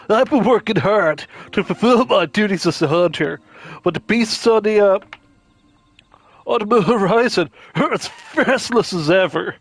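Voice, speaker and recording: A man's voice: sits high, lively intonation, measured pace, breathy edge, heavily acted. Man doing a laid-back surfer dude hunter. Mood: easygoing.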